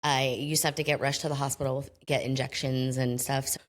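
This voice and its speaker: A woman's voice: a bass voice, level tone, a little fast. A woman from the United States, a podcast guest telling her life story in a candid, chatty way with self-deprecating humor. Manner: candid and chatty, often acting out quoted voices. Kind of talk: casual interview storytelling.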